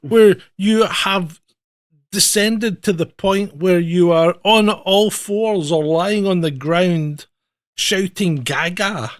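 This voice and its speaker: A man co-hosts a casual news show, reacting to each story with incredulous mockery. His voice sits a little high for a man. The sound is dry and close, with no room around it. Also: takes it slowly, no echo. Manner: incredulous, mocking. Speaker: co-host. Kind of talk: casual news commentary chat.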